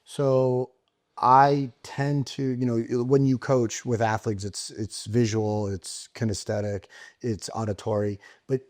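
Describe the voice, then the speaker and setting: A man's voice: mid-range voice, flat delivery, slow pace, a little mellow. A man hosting a coaching podcast, talking loosely and thinking aloud with many fillers. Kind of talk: conversational interview.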